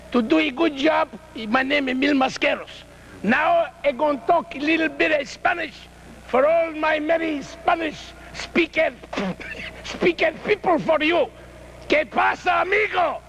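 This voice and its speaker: A swaggering masked wrestler stumbles through broken English and mock Spanish, as a man puts on the voice. The voice sits very high and has a gravelly rasp. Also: unhurried, fairly bright tone, slight background noise, heavily acted. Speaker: wrestling manager. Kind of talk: wrestling promo.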